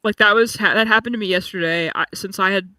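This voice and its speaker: A man in casual chat, telling stories with animated, rambling energy and lots of "like". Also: high voice, fast, distant mic. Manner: chatty, animated storytelling with lots of "like". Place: home room.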